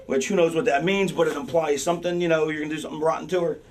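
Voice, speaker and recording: Male wrestler, slightly high voice, rambling and profane, heard from a distance backstage. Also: fast, a little hiss or hum. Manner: rambling, profane, full of fillers and restarts. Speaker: wrestler planning a match backstage. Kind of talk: backstage planning talk.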